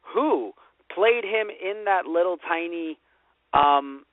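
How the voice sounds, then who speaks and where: A man's voice: high-pitched, expressive, takes it slowly, dry recording. A man co-hosting a casual podcast chat, rambling and slipping into brief mock voices. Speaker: podcast co-host. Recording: dry, phone-like lo-fi audio.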